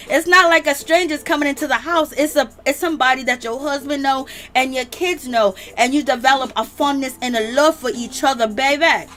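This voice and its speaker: High-pitched animated gossip host woman. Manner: animated, drawling, calls viewers "baby". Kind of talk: casual livestream gossip commentary.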